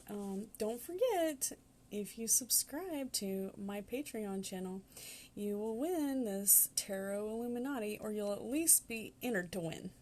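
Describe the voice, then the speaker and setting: A woman's voice: medium pitch, darkish tone, a little hiss or hum. A talkative woman in her forties with a Southern accent hosts a tarot reading. Her delivery is casual and meandering, and she laughs often as she talks. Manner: chatty, rambling, laughs often. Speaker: tarot reader.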